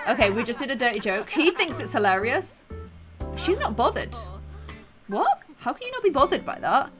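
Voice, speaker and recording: A woman's voice: sits high, big pitch swings, moderate pace, music in the background. A woman giving playful, dramatic commentary over a video game and often breaking into laughter. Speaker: gaming video host.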